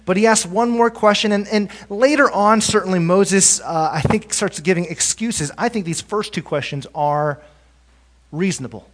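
A man preaching a sermon, his voice sitting a touch high for a man. He swings from energetic, emphatic passages to quiet, hushed lines when he wants a point to land. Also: normal speed. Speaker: pastor.

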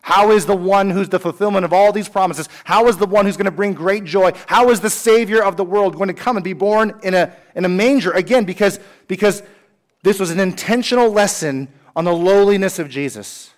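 A man in his thirties, a pastor giving a lively, conversational sermon with humorous asides and acted-out quotes. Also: high-pitched, brisk. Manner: animated, conversational preaching with asides and voiced quotes.

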